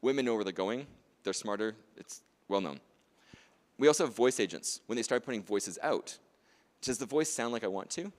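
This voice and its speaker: A man's voice: fairly low pitch, expressive, normal speed, in a large hall. A man presenting a demonstration workshop at a conference, chatty and jokey, often checking in with "right?" and "okay?". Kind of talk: lively conference demonstration talk.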